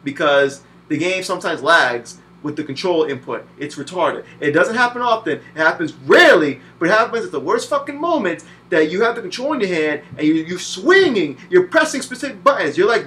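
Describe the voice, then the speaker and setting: Young man in his twenties, high voice, bright tone, swears constantly, ranting game review. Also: fairly quick, few pauses. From Puerto Rican. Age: 20s. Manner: heavy cursing, animated, mimics voices. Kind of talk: profane video game review rant.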